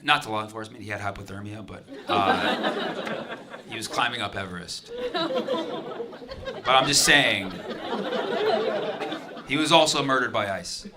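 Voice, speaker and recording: A male stand-up comedian performing a loose, rambling set, breaking into shouted impressions. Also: fairly low pitch, very animated, unhurried, pauses often. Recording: noisy live club recording with crowd. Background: audience laughter.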